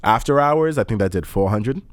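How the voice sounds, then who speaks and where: Low-voiced laid-back young man. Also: lively intonation, normal speed, no echo. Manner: laid-back slang, frequent laughs. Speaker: podcast co-host. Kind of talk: casual chat.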